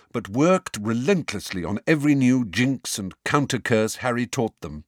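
A man narrating an audiobook with an expressive, varied storytelling delivery. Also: medium pitch, dry recording, clean studio sound. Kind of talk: scripted narration.

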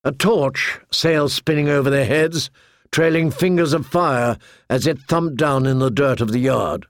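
A man narrating a story in a measured, deliberate way into a close studio mic. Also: medium pitch, dry recording. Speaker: audiobook narrator. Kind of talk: scripted narration.

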